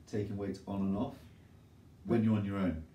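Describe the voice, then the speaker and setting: A man's voice: fairly low pitch, fairly even intonation, moderate pace, mellow. A man co-hosting a podcast, earnestly explaining his views in casual chat, with small restarts. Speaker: podcast co-host. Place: gym. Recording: echoey gym, distant mic, faint noise.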